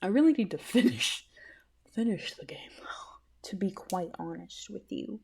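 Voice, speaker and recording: Brief: excitable woman podcast host, lively up-and-down voice, laughs through her sentences. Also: mid-range voice, moderate pace, creaky, slightly rough. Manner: rambling, giggly, excitable. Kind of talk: casual solo podcast chat.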